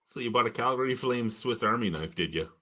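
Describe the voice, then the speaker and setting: A man's voice: medium pitch, animated, a little fast, pushed and bright. A man co-hosting a casual beer review chat, ranting with lots of swearing and getting worked up. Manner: profane, ranting, gets worked up. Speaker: beer review show co-host.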